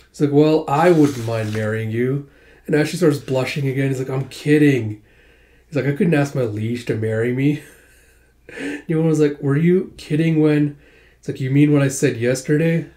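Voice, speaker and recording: A man's voice: mid-range voice, normal speed, mellow. A man casually reading through a manga volume, retelling the dialogue with frequent laughs and filler. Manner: chatty, laughs often, reads dialogue with "he's like". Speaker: manga reader.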